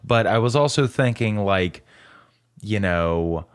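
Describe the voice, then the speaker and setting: A man's voice: takes it slowly, clean tone. A man co-hosting a casual movie podcast, teasing his partner and swearing freely. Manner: lively, profane, teasing banter with swings in pitch. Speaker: podcast co-host.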